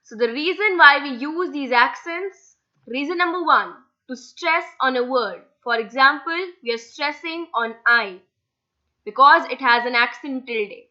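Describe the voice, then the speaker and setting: A woman's voice: sits high, lively intonation, measured pace, pushed and bright, lo-fi sound. A young woman teaching a beginner language lesson, patiently spelling words out letter by letter. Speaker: Spanish language tutor. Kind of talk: slide-based language lesson.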